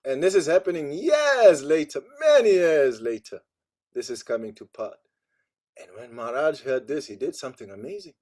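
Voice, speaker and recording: A man's voice: a little high, lively intonation, moderate pace, darkish tone. A man teaching an online spiritual class, telling a story in a conversational way with frequent asides.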